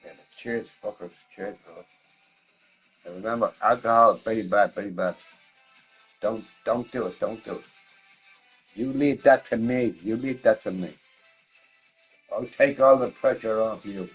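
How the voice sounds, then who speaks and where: A man's voice: on the low side, moderate pace, pauses often, slightly rough, soft background music. A drunk man rambling and joking crudely while streaming a game. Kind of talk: casual stream chat.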